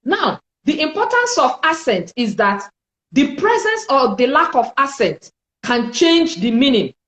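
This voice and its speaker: Woman French teacher, fairly high voice, slow and deliberate delivery, echoey room. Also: big pitch swings, a bit bright. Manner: slow, deliberate, repeats each sound for learners. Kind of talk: spoken language lesson.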